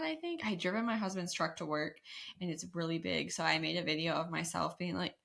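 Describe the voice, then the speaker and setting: A young adult woman co-hosting a podcast, chatting casually and telling stories with animated sarcasm. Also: fairly low pitch, gravelly. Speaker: podcast co-host. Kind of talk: casual chat.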